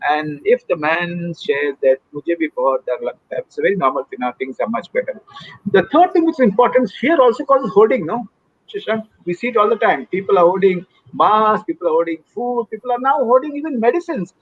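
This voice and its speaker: A man's voice: high voice, very animated, fairly quick, husky, no room sound, dull audio. A man with an Indian accent, an expert guest explaining things earnestly and at length, slipping Hindi phrases into his English. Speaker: mental health expert guest. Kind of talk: explanatory expert talk in a live Q&A.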